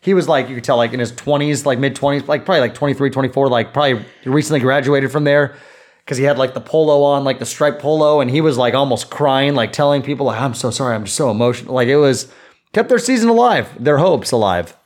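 A man's voice: mid-range voice, fast talker. A man co-hosting a sports podcast in casual chat, rambling with lots of fillers. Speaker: podcast co-host.

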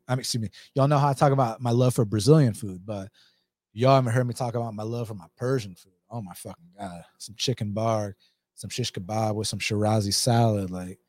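A man's voice: lowish voice, darkish tone. A man with an Atlanta accent hosting a casual stream, reading viewer comments aloud and reacting with laughs and swearing. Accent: Atlanta, Southern US. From United States. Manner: laid-back, swears, laughs often, reads comments aloud. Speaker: livestream host reading chat. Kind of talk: casual chat.

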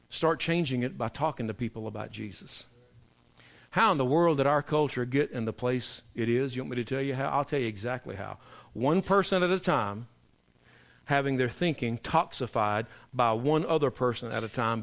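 A middle-aged male pastor preaches to his congregation in a church sanctuary. His delivery is emphatic and preacherly, and he drops his voice low to land the punchlines.

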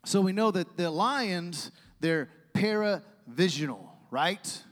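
A male pastor preaches a sermon, telling stories with energy and calling out to the congregation. His voice sits high for a man. A long reverb from the church hall trails each phrase. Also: slow, few pauses. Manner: animated storytelling with asides to the congregation. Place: church sanctuary.

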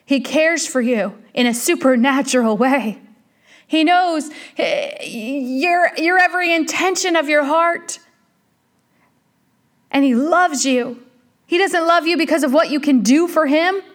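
A woman delivers a heartfelt sermon in a high, light voice. She speaks earnestly and directly, circling back to repeat her key phrases. She addresses the listener as a friend. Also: unhurried. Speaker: preacher.

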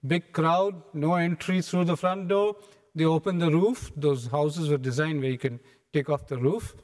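A man preaching a sermon in a church, retelling scripture as a lively story and acting out its scenes. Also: fairly high pitch, moderate pace. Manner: animated storytelling, acts out scenes. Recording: echoey hall.

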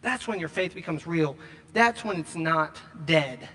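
A man preaching a sermon, emphatic, repeating key lines and slowing down to stress them. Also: a little high, expressive, pushed and bright, long reverb tail. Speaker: pastor.

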